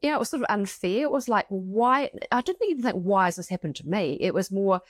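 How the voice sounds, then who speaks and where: A woman's voice: mid-range voice, lively intonation, fairly quick, no echo, studio quality. A middle-aged woman co-hosting a heartfelt conversation, reading passages aloud and reflecting on her own experiences. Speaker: podcast co-host. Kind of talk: casual emotional conversation.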